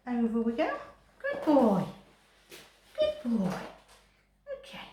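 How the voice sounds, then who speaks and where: A woman cat groomer, soothing a kitten in baby talk and calmly explaining each step as she clips him. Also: on the high side, measured pace, pauses often, background noise. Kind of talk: narrated grooming demonstration. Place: indoor grooming room. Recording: roomy room with electric clipper buzz.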